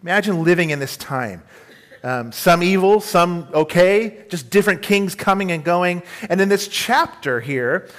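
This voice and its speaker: A man's voice: high-pitched, animated, a little slow, a bit bright. A middle-aged man preaching a sermon to his congregation, earnest and tender, asking them questions as he goes. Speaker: pastor.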